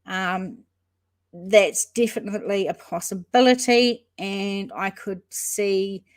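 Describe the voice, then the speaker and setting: A woman hosts a relaxed true-crime livestream, reading out viewer comments and greeting chatters by name. She talks things through as she goes, hesitating and restarting her sentences, at an ordinary middle pitch. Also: slow pace. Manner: thinks aloud, hesitant with frequent ums and restarts.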